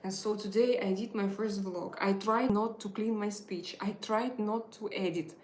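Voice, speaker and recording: A woman's voice: mid-range voice, steady tone, moderate pace, a little mellow, slight background noise. A woman hosting a casual live tarot stream, speaking hesitantly with many filler sounds and non-native phrasing. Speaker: tarot reader and channel host. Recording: roomy echo.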